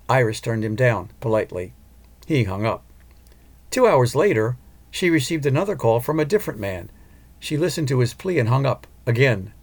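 A man narrating an audiobook in a calm, measured way. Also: medium pitch.

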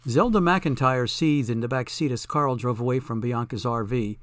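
A man's voice: medium pitch, normal speed, fairly bright tone, no echo. Man reading an audiobook, dry close sound. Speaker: audiobook narrator. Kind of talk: scripted narration.

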